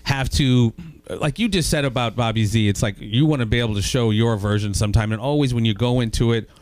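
A man's voice: medium pitch, quick pace, darkish tone, no room sound. A man co-hosting a radio interview show, asking rambling, enthusiastic questions in the studio.

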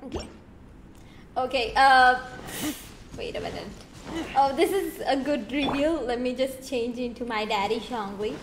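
A young woman streaming a game, chatting casually with playful, teasing, excitable exclamations. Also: high voice, a little slow, long pauses, roomy sound, a little hiss or hum, poor audio. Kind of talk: casual gameplay commentary.

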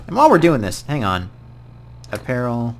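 A man giving casual let's-play commentary, excitable, swinging from mumbling to loud outbursts. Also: mid-range voice, normal speed. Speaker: gaming YouTuber.

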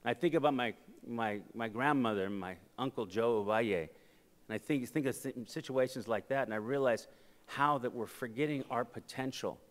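A man giving a conference keynote, telling personal stories and moving between quiet passages and loud, emphatic ones into a podium microphone. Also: mid-range voice, normal speed. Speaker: keynote speaker. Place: conference hall with audience. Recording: reverberant conference hall. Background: audience laughter.

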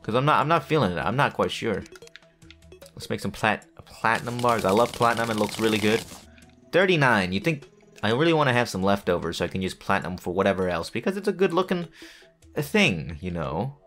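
A man's voice: lowish voice, sing-song, a little fast, fairly bright tone, faint music behind. A man giving rambling, jokey commentary to himself while playing a building game. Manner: rambling, self-talking, jokey asides. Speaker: gaming video creator. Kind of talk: casual gameplay commentary.

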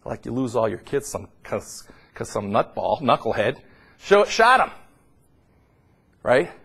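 A middle-aged man preaching a sermon, swinging between loud, high emphatic peaks and low, quiet asides. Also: sing-song, measured pace, creaky, breathy edge.

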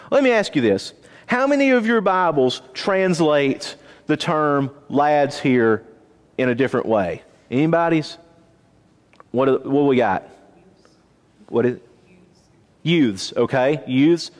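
A man teaching a Bible class in a church auditorium, lively and questioning his listeners. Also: a little high, slow pace, long pauses. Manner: animated, asks the class questions. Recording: long reverb of a church auditorium.

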